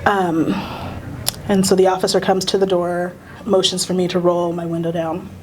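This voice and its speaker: A middle-aged American woman, a teacher and union leader, recounting a personal experience in a halting, earnest way with many fillers and restarts. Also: fairly low pitch, little pitch movement, a little mellow, slight background noise. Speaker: union council president, teacher. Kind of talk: personal storytelling in a recorded conversation.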